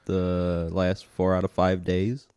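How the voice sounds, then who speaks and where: A man's voice: low-pitched, monotone, slow pace, a little mellow, smooth, dry recording. A tired man on a podcast giving short, dry replies in a casual chat. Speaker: podcast co-host.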